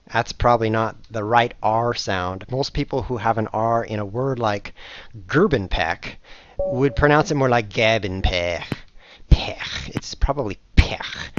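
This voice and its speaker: A man's voice: mid-range voice, muffled recording, slight background noise. Playful man commentating his own chess games. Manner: playful, jokey, self-mocking, with sudden excited outbursts. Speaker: chess streamer and show host. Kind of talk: live commentary while playing online blitz chess.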